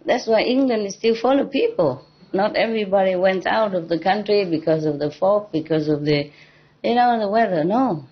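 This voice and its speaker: A woman's voice: medium pitch, animated, moderate pace. A woman spiritual teacher giving an informal dharma talk to a gathering, playful and teasing, often laughing. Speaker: spiritual teacher addressing disciples. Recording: dull lo-fi recording.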